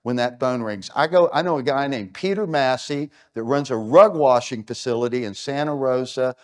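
A man's voice: mid-range voice, moderate pace, darkish tone. A middle-aged American man giving a conference keynote in a punchy, emphatic way, full of rhetorical questions. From United States. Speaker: keynote speaker. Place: stage at an event.

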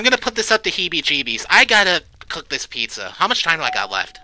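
Jumpy cursing man, bright tense voice. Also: on the high side, wildly swooping pitch, fast, few pauses. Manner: jumpy, swears often, shrieks when startled. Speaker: let's play creator. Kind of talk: horror game commentary.

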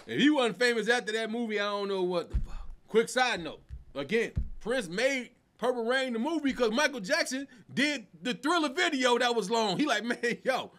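An animated middle-aged comedian talking through his favourite songs with loose, profane energy. His voice sits high for a man and swings widely up and down. The tone is bright and forceful. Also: normal speed, slight background noise. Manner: animated, sings snatches of songs, laughs a lot, swears. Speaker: comedian host. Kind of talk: casual comedic countdown.

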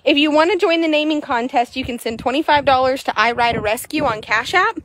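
A woman, chatting excitably to viewers while showing a horse for sale in an arena. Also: sits high, fairly quick. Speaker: horse seller. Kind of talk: casual sales chat while riding.

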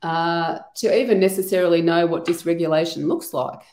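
A woman with a somewhat low voice explains her work in a loose, chatty way, often pausing on "you know." She is on a video call. Her sound carries the echo of the room around her. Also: darkish tone. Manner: chatty, thinks aloud with many "you know" asides. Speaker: EFT trainer and trauma practitioner guest. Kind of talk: casual explanatory interview talk. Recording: echoey room.

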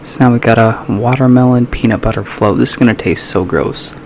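A man talking casually through an eating sound challenge on his video channel, chatty and relaxed. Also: mid-range voice, brisk. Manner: chatty, casual, drops into a mock whisper at times. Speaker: YouTube vlogger. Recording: faint background noise.

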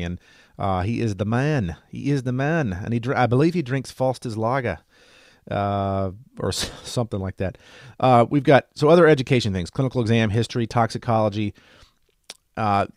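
Chatty, low-voiced male medical educator. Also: no room sound, studio quality. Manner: chatty and enthusiastic, light joking. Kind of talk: casual screen-share lesson.

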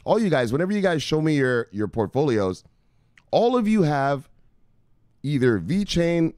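A man chats loosely to his viewers, rambling and swearing offhand. His pitch sits a little high and moves a lot, and he is recorded close and dry. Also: big pitch swings, moderate pace, a little mellow, no echo. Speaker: crypto vlogger. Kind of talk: casual chat to viewers.

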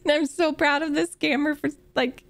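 A woman's voice: high voice, steady tone, moderate pace, gravelly, no room sound. A woman streamer telling a funny story in a casual way, laughing often between lines. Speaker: gaming streamer.

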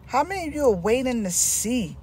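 A woman's voice: on the high side, very animated, fairly quick, darkish tone, slight background noise. A middle-aged woman with a Southern US accent, giving an informal sermon with emphatic repetition. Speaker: Christian teacher.

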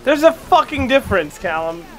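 A man streaming a game with friends, trading loud, profane banter and shouting in bursts. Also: very high voice, very animated, normal speed, a crowd in the background. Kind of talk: casual gaming banter. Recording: loud background noise.

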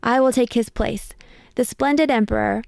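Lady reading nervous but brave storybook brother, gentle, gravelly. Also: a little high, normal speed, no echo. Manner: gentle, reassuring.

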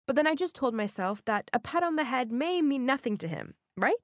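A woman narrating a first-person animated story in a scripted, expressive way. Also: high voice, a little fast, no echo, clean studio sound.

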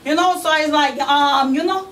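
A woman's voice: high voice, normal speed, fairly bright tone. A woman performing a one-woman comedy monologue, playing a brash young woman on probation who talks in slang and keeps asking "you know what I say?". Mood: sassy. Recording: live stage from a distant mic, faint ambience.

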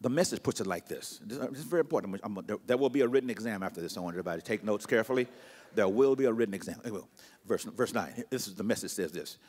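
A man preaching a sermon as pastor, teaching slowly and repeating phrases for emphasis, then dropping into soft, low asides. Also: expressive, slightly rough. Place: church sanctuary.

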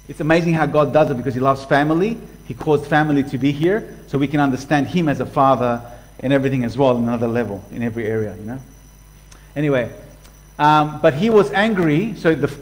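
A middle-aged man preaching a sermon in a lively, conversational way, reading scripture aloud and breaking in with his own comments. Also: a little high, poor audio.

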